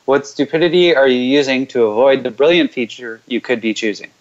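A man hosting a call-in coaching show, chatting loosely and then reciting repeated clearing statements in a low, steady way. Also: fairly quick, lo-fi sound. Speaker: host leading callers through clearing statements.

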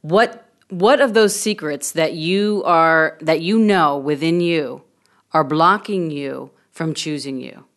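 A woman hosting a talk show, guiding a guest through a facilitation session with energetic prompts and interruptions. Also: low voice, slow.

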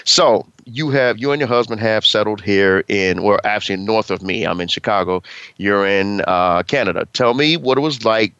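A man's voice: lowish voice, normal speed, a bit bright, clean tone, no echo, muffled recording. A male radio host asking an interview guest questions in a friendly, prompting way.

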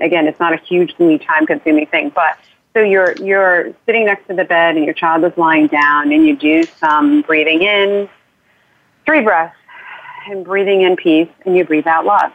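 A woman, an author being interviewed, talking in an earnest, rambling way with restarts and light laughs. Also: on the low side. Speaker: author guest. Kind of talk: casual interview talk. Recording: tinny phone line.

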